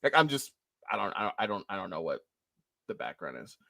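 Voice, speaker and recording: A man's voice: fairly low pitch, very animated, brisk, creaky, pushed and bright, dry recording. A man co-hosting a live stream, talking casually and rambling to his viewers. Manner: rambling, chatty, laughs often.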